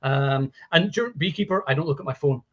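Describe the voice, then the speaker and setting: A man's voice: fairly high pitch, brisk, fairly bright tone. Guy hosting a movie stream, swears a lot, stumbles over words, kinda muffled audio. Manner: profane, rambling with restarts and laughs. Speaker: podcast host. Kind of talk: casual panel chat about movies. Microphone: home mic on a video call stream.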